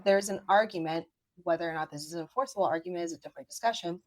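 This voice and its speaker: Dry-sounding, lower-voiced woman attorney explaining. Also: rapid-fire, no room sound. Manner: explanatory, advising, steady run of points. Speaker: attorney guest. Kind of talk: podcast interview.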